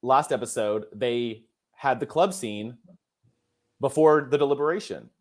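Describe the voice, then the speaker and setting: A man hosting a casual podcast chat, expressive and emphatic, often laughing. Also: mid-range voice, unhurried. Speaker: podcast host.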